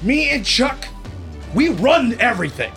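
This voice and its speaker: A swaggering half-dragon crime boss, as a man does his voice for a tabletop game, yelling threats in a high, strained pitch. He brags and bullies and sounds sure he runs the whole city. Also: very animated, a little slow, creaky, soft background music, exaggerated voice. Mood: boastful threatening. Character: cocky male half-dragon crime boss, loud and bossy.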